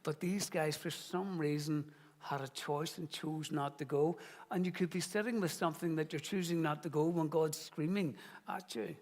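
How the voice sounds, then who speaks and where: A man's voice: a little high, steady tone, normal speed, darkish tone, big-room sound. A middle-aged man, the founding pastor of his church, preaching in an earnest, conversational way and telling stories. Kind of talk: sermon.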